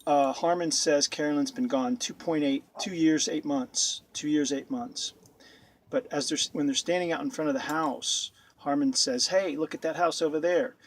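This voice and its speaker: A man's voice: fairly high pitch, fairly even intonation, moderate pace. A man commenting on a video with sarcastic, incredulous remarks, often repeating himself, recorded at home. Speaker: YouTube commentator.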